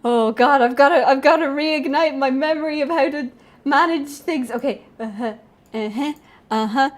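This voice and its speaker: A woman's voice: high-pitched, normal speed. A young woman streaming a game, chatting casually, giggling and squealing often. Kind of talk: casual gameplay commentary.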